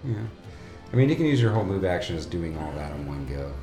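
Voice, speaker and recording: Male game master, casual rambling delivery, low and animated, echoey room with music. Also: fast. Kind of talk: narrating a tabletop game.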